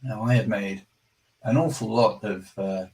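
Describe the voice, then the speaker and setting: A man casually presenting a screen-share software demo, chatty and self-deprecating, often restarting his phrases. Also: fairly low pitch, unhurried, recorded from a distance, low-quality recording.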